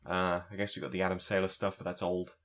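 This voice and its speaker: Young southern english guy on a podcast, kinda low voice, swears a lot, rambly. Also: completely flat delivery, fast, crowd noise. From southeast England. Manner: swears freely, ranting, trails off into restarts. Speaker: podcast co-host. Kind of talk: casual chat.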